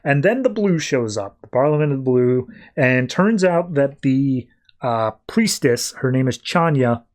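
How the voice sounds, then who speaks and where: A podcast host recaps a comic book issue loosely and conversationally, his speech full of "like" and "uh." His medium-pitched voice is expressive and a little slow.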